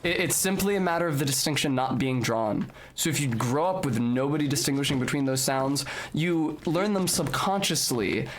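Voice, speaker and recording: A man's voice: fairly high pitch, moderate pace, a little hiss or hum. A young man streaming a game, chatting casually and explaining at length, with the odd swear. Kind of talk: live game stream chat.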